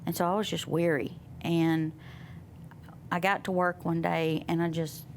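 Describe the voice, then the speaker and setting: A woman guest sharing a personal testimony in conversation, soft and reflective, pausing often. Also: fairly low pitch, level tone, a little hiss or hum. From Southern United States. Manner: soft, reflective, with many pauses and fillers. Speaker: interview guest.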